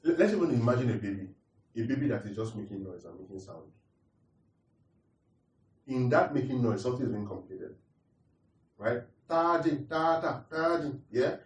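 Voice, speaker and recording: A man's voice: lowish voice, lively intonation, a little fast, long pauses, darkish tone, muffled recording. A man preaching a teaching sermon, repeating his points and asking the congregation questions. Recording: roomy echo, distant mic.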